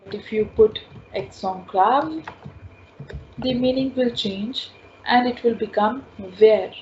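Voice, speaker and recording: Woman, language teacher, slow and patient, repeats each sound, dull lo-fi recording, faint background noise. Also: a little high, darkish tone. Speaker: French teacher. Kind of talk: online language class.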